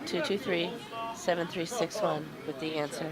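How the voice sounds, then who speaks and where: A woman's voice: fairly low pitch, normal speed, a crowd in the background. A woman doing live curling commentary with goofy, giggly banter at a curling club rink.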